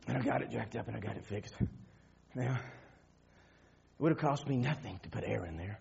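A man preaching a sermon, telling a story that swings from quiet murmurs to loud shouting. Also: mid-range voice, animated, brisk, creaky, muffled recording.

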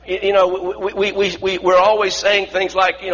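A man's voice: sits high, flat delivery, a little fast, fairly bright tone, slightly rough, lo-fi sound. A man preaching a sermon earnestly, often restarting phrases and asking the congregation to repeat lines after him.

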